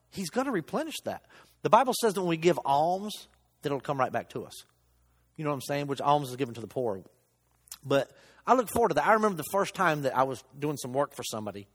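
Lay preacher, male, husky voice, swings his pitch a lot, long church reverb. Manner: animated storytelling, acts out quotes. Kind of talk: sermon.

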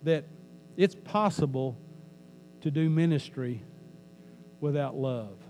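A man delivering a church sermon, his voice fairly high yet mellow and warm. He talks to the congregation in a loose, joking way and repeats his key lines for emphasis. A faint hum sits under the recording. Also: takes it slowly. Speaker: pastor.

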